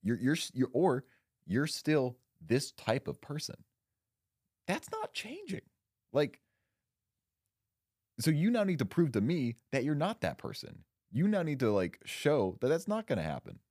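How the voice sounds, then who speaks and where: A man's voice: medium pitch, very animated, normal speed, a little mellow, slightly rough, dry recording, clean studio sound. A young man co-hosting a podcast, talking in casual chat with a blunt, emphatic manner and frequent swearing. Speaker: podcast co-host.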